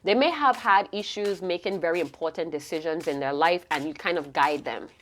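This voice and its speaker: A woman's voice: fairly low pitch, brisk, fairly bright tone, slight background noise. A woman giving an intuitive tarot reading to camera, emotive and rambling, often breaking off mid-thought to restart. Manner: rambling, emotive, self-interrupting. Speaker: tarot reader.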